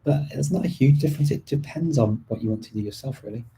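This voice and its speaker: This live-stream host fields viewer questions in a loose, talkative manner, full of ums and false starts, laughing lightly now and then. His medium-pitched voice moves fast, with vocal fry and a mellow, breathy edge, over poor audio.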